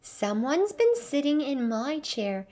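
A woman's voice: sits high, big pitch swings, slow, dark tone, voice pushed up, heavily acted. A woman doing an upset little bear cub. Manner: crying out, complaining. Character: small upset young male bear cub.

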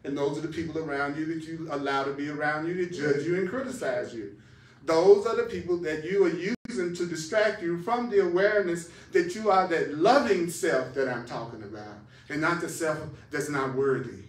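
A man's voice: a little high, normal speed. A man teaching a spiritual class emphatically, repeating phrases for stress. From United States. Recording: echoey room, voice far from mic.

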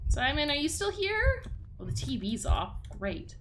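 A woman's voice: sits high, wildly swooping pitch, unhurried, fairly bright tone, slight background noise. A young woman streaming a horror game, jumpy and tense, swearing and talking to herself and her chat. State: tense and sweaty. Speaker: gaming streamer. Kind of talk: horror game playthrough commentary.

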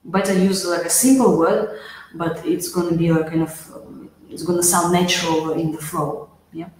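A woman's voice: on the low side, normal speed, slight background noise. Chatty woman teacher in a very echoey room. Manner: lively, chatty, acts out example answers. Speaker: IELTS teacher. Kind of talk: informal online lesson.

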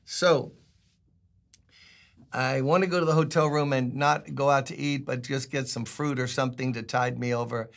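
An older pastor from Brooklyn, New York, with the city's accent, gives a chatty, emphatic Bible teaching and tosses in jokes. His medium-pitched voice has vocal fry. He speaks at normal speed with fairly even intonation.

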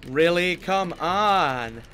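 A man's voice: a little high, lively intonation, very slow, pushed and bright, faint music behind. A man playing a survival horror game, pleading and swearing as he commentates. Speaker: gaming YouTuber. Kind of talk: let's play commentary.

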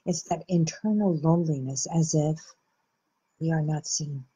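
Slow, soft-spoken woman host. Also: deep voice, slightly rough. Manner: slow, gentle and reflective, with soft pauses. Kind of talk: reflective self-help talk.

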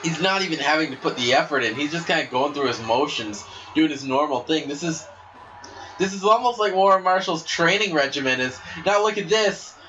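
Excitable man calling wrestling play-by-play. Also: on the high side, brisk, highs cut off. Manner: excitable, breaks into shouts and laughs at big moves. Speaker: commentator. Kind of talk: play-by-play commentary on a wrestling video game. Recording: steady background noise.

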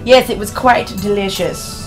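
A woman's voice: medium pitch, normal speed, over music. A woman, chatting casually and rambling to her viewers while streaming a game. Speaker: streamer playing a visual novel. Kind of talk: casual live-stream chat.

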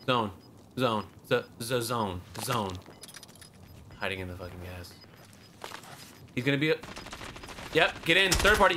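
A man's voice: mid-range voice, lively intonation, measured pace, long pauses, noisy background. A young man giving casual, profane commentary while spectating a shooter game, trash-talking and barking repeated warnings at the player. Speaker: gaming YouTuber.

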